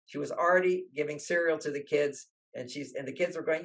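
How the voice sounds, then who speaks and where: An older man talks with lively animation, slipping into the voices of the people in his stories. His voice sits a little high for a man. He speaks as an author guest in an interview. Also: a little fast, few pauses, poor audio. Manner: animated, acts out quoted voices. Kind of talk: storytelling interview talk.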